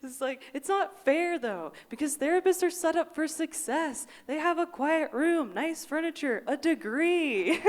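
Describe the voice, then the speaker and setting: Young woman, high voice, stand-up set, laughing, excitable outbursts. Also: a little slow, long reverb tail. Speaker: stand-up comedian. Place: live comedy stage before an audience.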